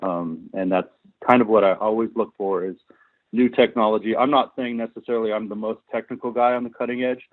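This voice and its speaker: A man's voice: lowish voice, fairly even intonation, fairly quick, no room sound. A man as a filmmaker guest in an interview, telling long, passionate stories about his work. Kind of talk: interview storytelling. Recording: tinny dry phone-like line.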